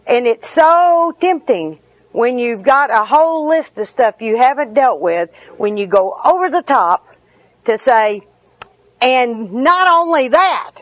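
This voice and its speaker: A woman's voice: fairly high pitch, dry recording, rough recording. A middle-aged woman giving a candid, humorous personal talk at a recovery meeting.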